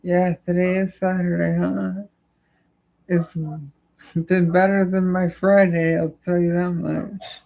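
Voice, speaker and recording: A young adult livestreamer chatting casually with viewers in a slow, halting, weary way, with many "like" and "uh" fillers. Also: medium pitch, little pitch movement, vocal fry, warm tone, rough recording. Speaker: livestreamer answering chat.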